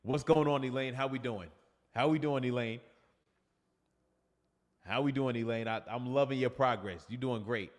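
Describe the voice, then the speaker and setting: A man's voice: medium pitch, moderate pace, long pauses, big-room sound. A man with a New York accent, a fitness coach chatting casually on a livestream and reading viewer comments aloud.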